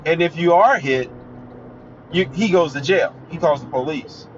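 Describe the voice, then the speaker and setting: A man's voice: on the high side, moderate pace, slight background noise. A man giving a blunt, emphatic, opinionated solo monologue as a commentator. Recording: dull lo-fi recording with faint music.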